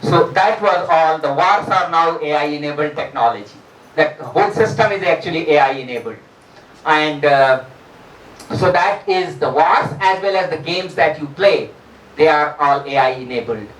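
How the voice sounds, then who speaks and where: A professor giving a university lecture. They often ask the students questions and pause on fillers. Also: mid-range voice, expressive, fairly bright tone. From India. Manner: addresses students with rhetorical questions, frequent fillers. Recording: roomy echo, distant mic.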